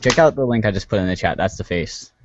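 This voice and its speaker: A man's voice: lowish voice, animated, quick pace, dry recording, dull audio. A man on a casual gaming podcast telling a story with hesitant restarts. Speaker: podcast co-host. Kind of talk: casual chat.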